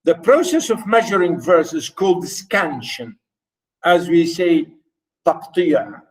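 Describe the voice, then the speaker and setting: This university lecturer, whose first language is Arabic, has a somewhat high, animated voice and moves at a very slow pace. He goes over points repeatedly and addresses his students directly, sounding a bit far from the mic.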